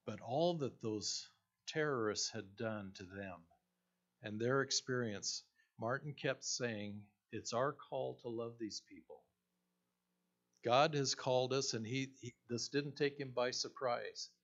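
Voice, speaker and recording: A male pastor gives a slow, unhurried sermon, retelling stories with frequent fillers and restarts. His pitch sits in the middle range for a man. The recording sounds dull and low-fi. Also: a bit bright.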